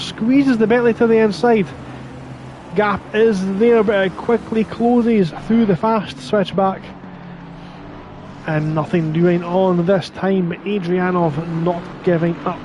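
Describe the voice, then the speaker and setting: A man's voice: high voice, fairly even intonation, takes it slowly, a little mellow, dull audio, slight background noise. A man doing live sim racing commentary, chatty and reading viewer chat between calls of the action. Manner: chatty, reads stream chat aloud between race calls.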